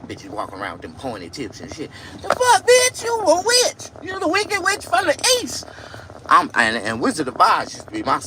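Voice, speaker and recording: A man telling crude comic stories, shouting and shrieking for effect. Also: medium pitch, noisy background. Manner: crude, loud, shrieking storytelling. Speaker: comedian. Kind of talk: comic monologue.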